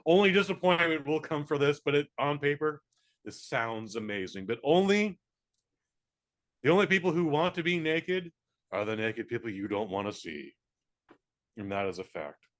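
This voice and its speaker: A man's voice: a little high, big pitch swings, moderate pace. A man hosting a podcast in a casual, comedic chat, rambling and blunt as he jokes. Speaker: podcast host.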